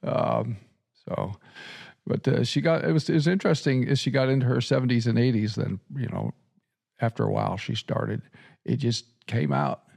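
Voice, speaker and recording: Creaky-voiced chuckling man hosting a podcast. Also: mid-range voice, normal speed, a little mellow. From Nebraska, USA. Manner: chatty, chuckles often, frequent restarts. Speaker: podcast host and seminary professor. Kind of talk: casual podcast chat.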